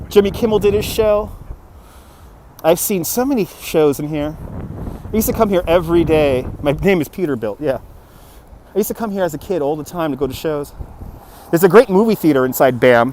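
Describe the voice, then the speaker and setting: A chatty man from New York City streams a walking tour from his phone, answering viewer comments with easy jokes. His voice sits a little on the high side, and faint traffic hums behind him on the street. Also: a little fast, a little mellow. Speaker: livestream host. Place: outdoors on a city street at dusk. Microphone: phone on a handheld gimbal. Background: traffic and street ambience.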